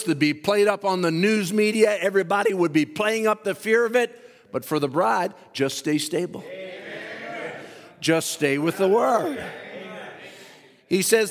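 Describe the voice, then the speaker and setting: Male preacher, high voice, fervent, shouts and stretches lines, church reverb. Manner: fervent, shouting and drawing out phrases. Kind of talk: sermon. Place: church sanctuary.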